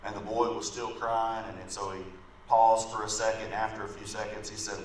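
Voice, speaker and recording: A man with a lowish voice preaches to a congregation, easygoing and conversational. He's picked up from a distance in a reverberant sanctuary with a faint hiss behind him. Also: flat delivery, moderate pace. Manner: conversational, often asks "right?" of the congregation. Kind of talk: sermon with a storytelling illustration. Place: church sanctuary. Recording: echoey room from far off, faint background noise.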